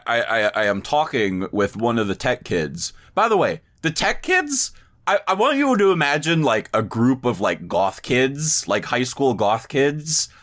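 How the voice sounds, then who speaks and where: This male podcast co-host has a mid-range voice with a touch of brightness. Chatting casually, he rambles through a lengthy story, curses a lot, and often starts his sentences over.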